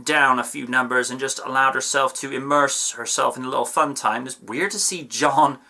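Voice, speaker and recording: A man's voice: medium pitch, normal speed, gravelly, sharp tone. A man giving a casual, chatty review of an episode, with playful asides and digressions. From United Kingdom.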